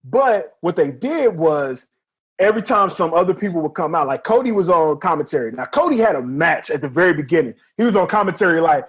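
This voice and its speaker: A man's voice: fairly high pitch, brisk, breathy edge. A man co-hosting a wrestling podcast in casual chat, telling stories animatedly and acting out quotes. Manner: animated storyteller, acts out quotes, laughs often. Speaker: podcast co-host.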